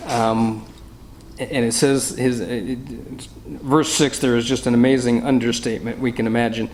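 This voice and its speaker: A man's voice: medium pitch, steady tone, moderate pace, a little mellow. A man teaching a Bible study in a jovial, anecdotal way, reading and explaining verses. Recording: roomy room echo, faint noise.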